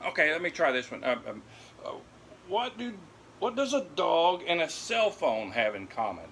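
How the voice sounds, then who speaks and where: A man's voice: on the high side, sing-song, normal speed, a bit bright, slight background noise. An older man telling corny dog jokes at home to his dogs, laughing at his own puns and then explaining them. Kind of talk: corny joke routine.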